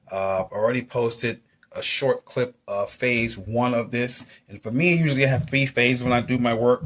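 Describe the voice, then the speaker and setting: Lowish-voiced man rambling through a workshop vlog. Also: fairly bright tone. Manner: rambling, many fillers, playful sound effects like "ta-da". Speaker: artist and model builder. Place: home workshop.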